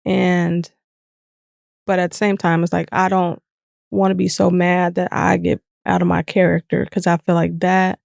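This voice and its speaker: A woman's voice: lowish voice, normal speed, creaky, dry recording, studio quality. A woman co-hosting a podcast, talking candidly and reflectively in casual chat. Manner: candid, reflective, animated when retelling. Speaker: podcast co-host.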